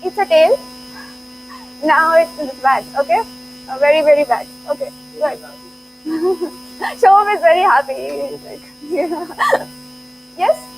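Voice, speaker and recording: A woman's voice: sits high, unhurried, pauses often, a little hiss or hum, rough recording. A woman giving an interactive classroom lecture, playful, laughing often and urging the students on. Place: lecture hall.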